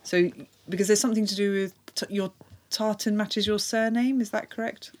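A woman's voice: medium pitch, steady tone. Curious woman interview host. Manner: curious, laughs often, quick questions. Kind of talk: casual interview chat.

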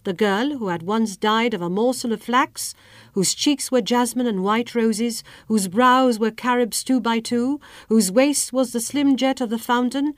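A woman reading a fairy tale aloud in a measured storybook narration. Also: on the high side, dry recording.

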